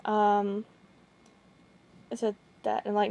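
A young woman vlogging casually about a chat exchange, rambling and halting with many restarts. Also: medium pitch, flat delivery, gravelly, warm tone. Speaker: gaming video creator. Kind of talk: casual vlog recounting a chat.

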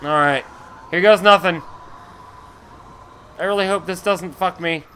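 A young man giving let's play commentary, excitable, swearing and yelling at enemies as he plays. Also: sits high, a little slow, slight background noise. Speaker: gamer playing a shooter.

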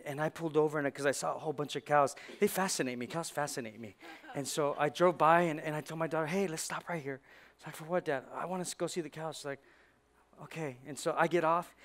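A middle-aged man, a pastor, preaching a sermon and telling stories in an animated, joking way with many restarts. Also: a little high. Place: church stage.

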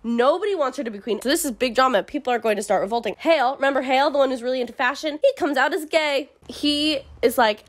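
A woman's voice: sits high, fast talker, few pauses. A young woman recapping a book in a casual rant, sarcastic and exasperated, with frequent swearing. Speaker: book reviewer.

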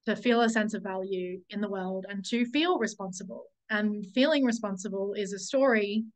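A woman's voice: medium pitch, normal speed, rough recording. A woman sharing a personal story on a group call, searching for her words, correcting herself often and swearing now and then. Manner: searching, self-correcting, many "like"s; candid, swears when recalling anger. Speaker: summit speaker.

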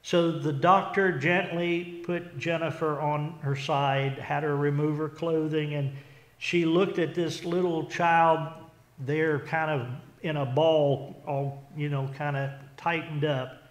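A pastor delivers a sermon in a slightly high-pitched male voice, speaking with deliberate slowness. He is earnest and often stumbles, restarting and repeating words. The sound carries the echo of a church sanctuary. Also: fairly even intonation. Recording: echoey church hall.

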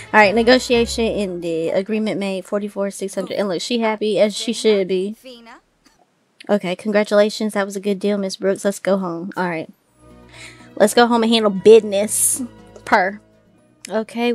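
Excitable woman chatting over a game. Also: mid-range voice, moderate pace, faint music behind. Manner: excitable, chatty, addresses viewers as y'all. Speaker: gaming video host. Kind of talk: casual let's-play commentary.

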